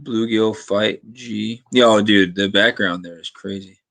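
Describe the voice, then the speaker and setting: A man's voice: lowish voice, steady tone, vocal fry, a bit bright, no echo, rough recording. A man casually chatting over a video on his livestream, griping about his computer and laughing often. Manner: chatty, quick to gripe and laugh. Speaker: livestream host.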